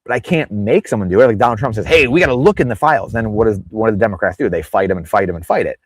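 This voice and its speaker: Racing along with a breathy edge, a man with a fairly low voice chats casually as a podcast interview guest, heard with no echo. He drifts off on tangents and puts on exaggerated voices for the people he quotes.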